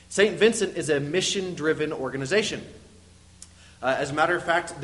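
Young guy preaching, earnest, lots of uhs, slightly high voice, big echoey hall. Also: a bit bright. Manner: earnest, explanatory, with frequent uh fillers. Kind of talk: sermon. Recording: long reverb of a large hall.

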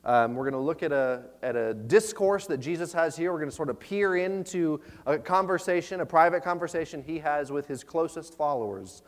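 A pastor giving an earnest, conversational sermon, often repeating words and using fillers. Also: male voice, on the high side, fairly quick, hardly any pauses. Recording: long reverb of a large hall.

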